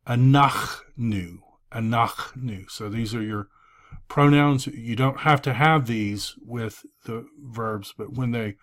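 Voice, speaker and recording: A man with a medium-pitched voice teaches a recorded review lesson, drilling forms aloud slowly and deliberately with frequent fillers.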